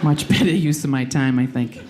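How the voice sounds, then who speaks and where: A woman's voice: a bass voice, normal speed, a crowd in the background, noisy background. Woman doing self-deprecating stand-up. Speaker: stand-up comedian. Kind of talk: stand-up routine. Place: comedy stage with audience.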